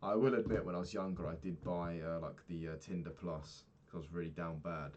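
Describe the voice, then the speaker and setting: A man's voice: low-pitched, fairly even intonation, brisk, a little mellow. A young man in his twenties talking frankly in a rambling daily vlog, swearing casually and filling gaps with ums. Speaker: vlogger.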